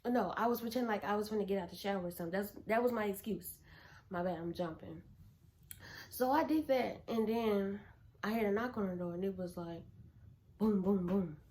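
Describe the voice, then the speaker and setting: A young adult woman telling a storytime in casual chat, animated and blunt, swearing freely as she goes. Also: mid-range voice, fairly quick, slight background noise. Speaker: vlogger.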